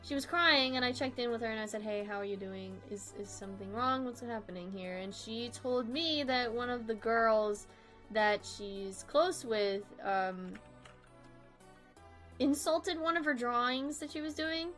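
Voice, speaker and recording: Young woman, a touch high-pitched, rambling casual streamer talk over soft music. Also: unhurried. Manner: rambling and self-deprecating, with frequent laughs. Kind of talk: casual chat while drawing on stream.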